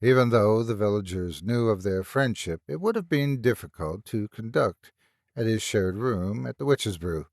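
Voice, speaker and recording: Man, audiobook narrator, scripted narration, animated pitch, dry close mic. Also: no echo.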